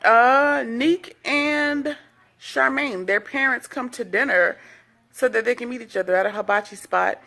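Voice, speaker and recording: Sassy woman with a gravelly edge. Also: a little high, a little slow, sharp tone. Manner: chatty, sassy, gossipy asides. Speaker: reality TV recap host. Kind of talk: casual episode recap commentary.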